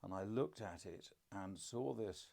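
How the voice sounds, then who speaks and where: Older man with a deep, dry storytelling voice. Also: unhurried, creaky, darkish tone. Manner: dry self-deprecating humour, reflective storytelling. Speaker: podcast co-host, father. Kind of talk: casual conversation.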